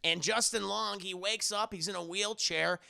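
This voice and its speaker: A man casually reviewing a film on a live stream, excitable and profane, laughing often and talking to his chat. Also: sits high, moderate pace, gravelly.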